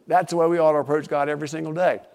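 An older man preaching a sermon as pastor, emphatic, dropping to a hush and rising to a boom, drawing out key words. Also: flat delivery. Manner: emphatic, swings between hushed and booming, drawn-out stressed words.

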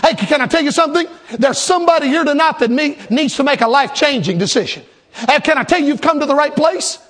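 High-voiced preacher, emphatic. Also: male voice, animated, fast, a bit bright. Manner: rhythmic, emphatic preaching with repetition. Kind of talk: sermon.

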